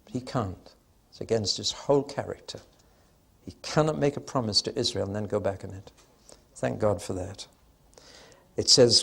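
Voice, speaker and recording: A man's voice: on the low side, normal speed, creaky, a bit bright, breathy edge. A man giving a Bible teaching talk to an audience, emphatic and conversational with dry humor, swelling suddenly on stressed words and drawing them out.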